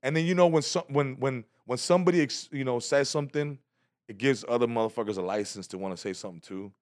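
A man's voice: mid-range voice, quick pace, darkish tone, no room sound, studio quality. A man in his thirties, a stand-up comedian, telling a story in casual, profane chat and acting out other people's voices.

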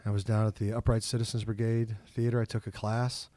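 A middle-aged man tells stories from his career in a relaxed interview, with a lively delivery that jumps around in pitch. He plays out his own inner voice as he goes. The sound is dry and close, recorded in an office. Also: brisk, no room sound. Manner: animated storyteller, acts out his own inner voice. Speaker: comedian and actor guest. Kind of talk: casual interview storytelling.

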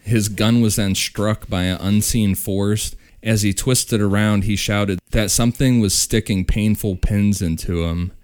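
A man with a very deep, clear voice who tells a ghost story at an easy pace. He stops now and then with "uh" to find the words. It is a laid-back podcast chat. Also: a little slow, few pauses. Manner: relaxed, with fillers and restarts. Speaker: podcast host. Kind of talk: casual storytelling.

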